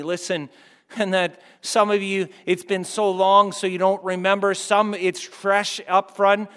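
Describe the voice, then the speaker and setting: A man preaching a sermon as pastor, moving between loud fervent peaks and hushed, soft passages. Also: sits high, flat delivery, a little slow, clear, resonant tone. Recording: long hall reverb.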